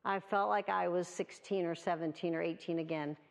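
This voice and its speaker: Gravelly-voiced woman in her sixties. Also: fairly low pitch, fairly even intonation, fairly quick. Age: 60s. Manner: earnest, storytelling. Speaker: award speaker. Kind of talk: prepared speech.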